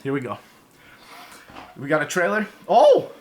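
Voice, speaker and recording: A young man streaming games live, chatting casually and excitedly to his viewers and joking as he goes. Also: a little high, a little slow. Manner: excitable, joking, keeps calling viewers boys and lads. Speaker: gaming streamer. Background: game and trailer music.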